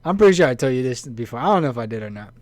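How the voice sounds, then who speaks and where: A young man co-hosting a podcast, telling a story in relaxed slang and laughing often. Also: mid-range voice, rapid-fire, dry recording. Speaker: podcast co-host. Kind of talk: casual chat, storytelling.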